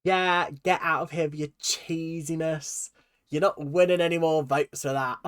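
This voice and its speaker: A young man with an excitable, gushing, chatty manner, giving casual reaction commentary as a video host. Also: on the high side, normal speed, smooth.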